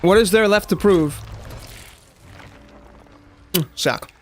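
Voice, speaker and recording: A young South African game streamer with a squeaky voice talks slowly yet excitably to his viewers, swearing casually as he commentates live gameplay.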